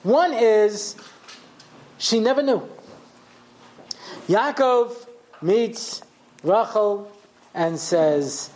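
A man's voice: high voice, extremely slow, long pauses, a little mellow, rough recording. A man, a rabbi, teaching a class in a conversational storytelling way, often checking in with his listeners. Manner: conversational, tells stories acting out the voices, checks in with "yeah?". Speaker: rabbi giving a Torah class. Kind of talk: lecture with storytelling.

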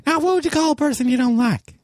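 A man voicing a folksy male outsider in an improvised comedy sketch, with a slow, drawn-out delivery. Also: very high voice, a little mellow, no echo, studio quality. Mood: odd folksy. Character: male outsider "Out of Town Guy", odd folksy manner.

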